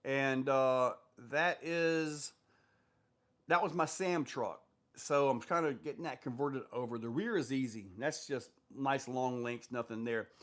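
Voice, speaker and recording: A man with a mid-range, fairly bright voice, speaking a little slowly, hosts a casual live stream answering viewer questions. He reads the comments out loud and replies in a rambling, loose way packed with fillers.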